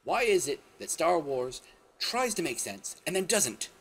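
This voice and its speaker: Unhurried yet very animated, this man hosts his own video show and rambles through stories, stopping to correct himself and letting out abrupt exclamations. His voice sits fairly high with a fairly bright tone.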